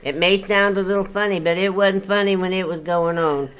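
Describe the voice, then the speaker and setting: A woman's voice: mid-range voice, fairly even intonation, fairly quick. An older woman telling stories from her life in a chatty, folksy, exclamatory way. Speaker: storyteller guest. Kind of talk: casual storytelling.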